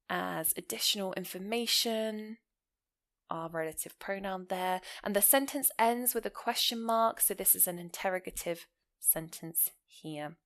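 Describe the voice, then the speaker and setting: Woman teacher, clear explanatory delivery, walks through grammar examples and quizzes the listener. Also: medium pitch. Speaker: English teacher. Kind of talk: online grammar lesson.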